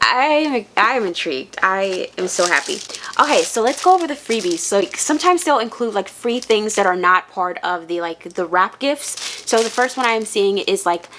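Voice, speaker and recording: A woman chatting casually in a book unboxing vlog, rambling and excitable, with lots of "like" fillers. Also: mid-range voice, moderate pace, a little hiss or hum. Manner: chatty and rambling, heavy use of "like". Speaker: book vlogger.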